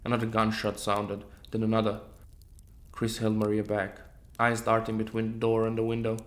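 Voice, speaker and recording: A man narrating a horror story in a steady, scripted storytelling manner. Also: fairly low pitch, normal speed.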